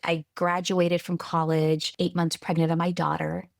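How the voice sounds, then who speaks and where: A woman from California, a guest on a podcast interview, telling her story earnestly and with lively restarts. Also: lowish voice, normal speed, vocal fry, dry recording, clean studio sound. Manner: earnest, lively retelling with restarts and quoted voices. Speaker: guest, tech executive.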